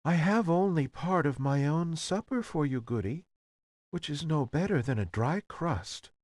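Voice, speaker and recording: A man voicing a gentle, good-natured young woman in a soft, raised voice, in a storybook reading. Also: fairly high pitch, expressive, measured pace, no room sound, pitched above the performer's own voice. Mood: kind.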